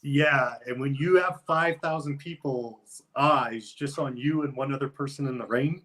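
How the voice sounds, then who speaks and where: A man's voice: mid-range voice, measured pace, fairly bright tone, low-quality recording. A man talking loosely as an interview guest, rambling with lots of filler words. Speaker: guest, wrestler. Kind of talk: casual interview chat.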